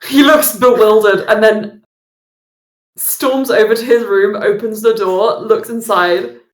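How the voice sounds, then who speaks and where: A woman game master narrating a tabletop session in a chatty, filler-laden way. Her voice sits at a middle pitch. It is heard over a video call with a roomy echo. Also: steady tone, measured pace. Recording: echoey room.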